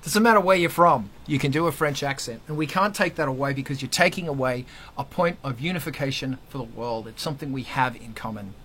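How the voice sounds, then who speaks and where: A man hosting a casual panel chat, energetic and jokey as he hands questions to guests. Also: medium pitch, fairly quick, hardly any pauses, a little hiss or hum. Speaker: host.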